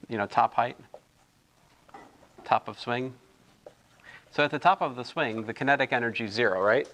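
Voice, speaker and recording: A man's voice: medium pitch, moderate pace, fairly bright tone. A man tutoring physics homework in a casual, thinking-aloud way, correcting himself and adding chatty asides.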